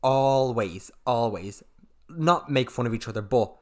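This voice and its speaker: A man's voice: mid-range voice, expressive, measured pace. A man co-hosting a casual podcast chat, blunt, sweary and opinionated. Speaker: podcast co-host.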